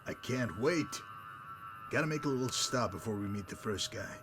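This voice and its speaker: A man voicing a smug, sardonic male messenger-mercenary in a game, dry and mocking in manner, wordy and unhurried. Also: fairly low pitch, expressive, over music, lightly acted. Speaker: game character. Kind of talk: voiced game dialogue.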